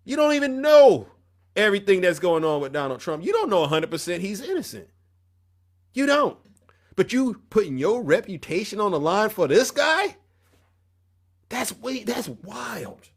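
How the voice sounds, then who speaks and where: A man hosts a heated live stream. His voice sits on the higher side, and he lectures and challenges his viewers directly in a preachy, confrontational way. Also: very animated, normal speed.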